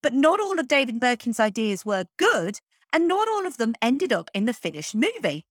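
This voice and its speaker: Podcast host, woman, somewhat high voice, scripted narration with chatty opinionated asides, dry close-mic sound. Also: sing-song, normal speed, no echo.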